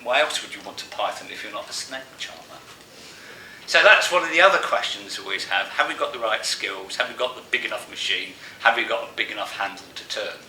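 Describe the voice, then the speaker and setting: A man's voice: on the low side, brisk, sharp tone. A man giving a live masterclass talk to a room of analysts, joking and asking the audience questions. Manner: jokey and conversational, asks the audience questions. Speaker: masterclass presenter. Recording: echoey room from far off, faint hiss.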